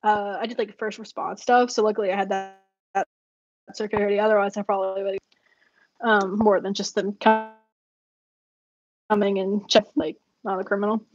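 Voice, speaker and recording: A woman's voice: medium pitch, flat delivery, normal speed, long pauses. A woman vlogger telling rambling stories in a casual chat, laughing often between fillers. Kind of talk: casual storytelling while journaling. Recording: dull dry lo-fi recording.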